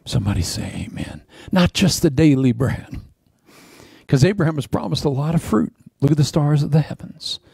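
A man preaching a sermon as a pastor, swinging from loud emphatic lines to hushed, almost whispered prayer. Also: on the high side, moderate pace, creaky, breathy edge, dry recording.

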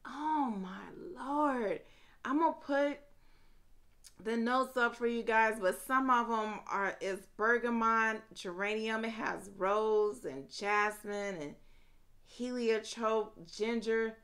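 A woman vlogging a casual fragrance review late at night, gushing with drawn-out exclamations and chatting to viewers as y'all. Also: on the high side, a bit bright.

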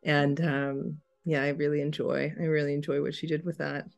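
A woman's voice: deep voice, level tone, moderate pace, creaky. A woman opera singer talking as a podcast guest, rambling and effusive, with many "you know"s and easy laughs. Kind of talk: casual podcast conversation.

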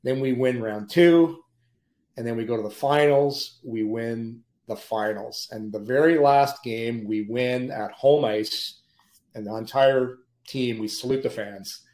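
A man, a former pro hockey player, telling lively anecdotes as a podcast guest and often laughing mid-story. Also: medium pitch, unhurried. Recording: roomy echo.

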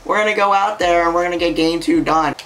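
A man giving profane let's-play commentary, reacting loudly to gameplay. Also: on the high side, quick pace, a little hiss or hum. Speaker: gaming YouTuber. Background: music playing.

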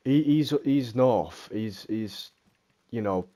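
A man's voice: fairly low pitch, takes it slowly. A young man, a gaming teammate swearing casually and calling out positions. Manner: relaxed and sweary, gives position callouts. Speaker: gamer teammate. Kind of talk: casual game callouts.

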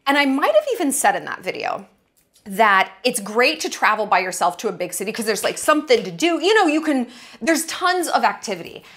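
A woman's voice: fairly high pitch, very animated, fairly quick, a bit bright. A woman in her thirties talking to camera in a casual travel vlog, brash, playful and blunt, with frequent swearing. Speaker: travel vlogger.

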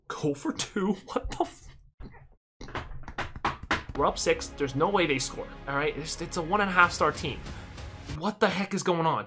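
A young man giving excited commentary over a football video game, yelling at his players and joking with viewers. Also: sits high. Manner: hyped, yells at players, jokes to viewers. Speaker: gaming YouTuber.

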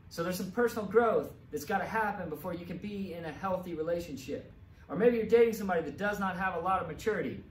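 A man's voice: high voice, fast. A middle-aged man giving an earnest, emphatic talk with slides, repeating key phrases for weight. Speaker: presenter. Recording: roomy echo, mic at a distance, faint background hum.

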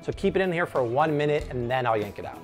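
A man's voice: a little high, lively intonation, quick pace, faint music behind. A man hosting a casual cooking demonstration, upbeat and jokey as he explains each step. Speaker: cooking show host.

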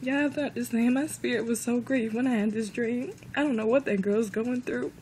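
A woman's voice: on the high side, steady tone, a little fast, a little mellow, a little hiss or hum, rough recording. A woman earnestly telling a personal faith testimony, emotional and close to tears, often repeating herself. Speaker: vlogger.

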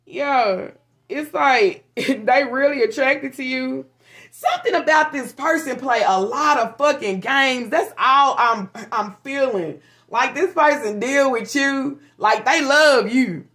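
Animated, profane woman tarot reader. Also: high voice, slow pace. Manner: frank and profane, animated, frequent laughs. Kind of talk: casual tarot reading to viewers.

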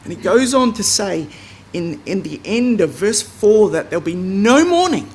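Lively man giving a bible class. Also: high-pitched, normal speed. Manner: lively, emphatic, with asides and restarts. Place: meeting hall.

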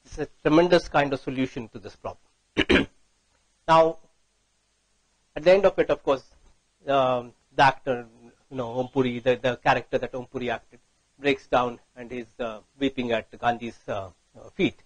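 A man's voice: medium pitch, steady tone, moderate pace, long pauses, dry recording, poor audio. A man giving a conference talk, telling a story and often checking in with "right?". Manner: storytelling, frequent "right?" tag questions. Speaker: speaker.

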